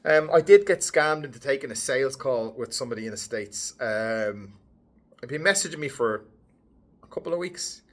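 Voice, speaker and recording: Man, casual vlog storytelling, lively swings in pitch, mid-range voice. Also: normal speed. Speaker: headshot photographer and vlogger.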